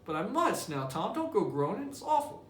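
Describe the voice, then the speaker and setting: A man's voice: sing-song, normal speed. A man doing a frantic young boy. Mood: alarmed. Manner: high, pleading and urgent. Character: young boy, anxious and frightened. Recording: echoey room, distant mic, faint hiss.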